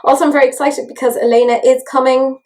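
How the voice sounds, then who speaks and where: Irish woman vlogger, slightly high voice, self-mocking casual makeup chat. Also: little pitch movement, quick pace, a little mellow. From Ireland. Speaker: beauty vlogger.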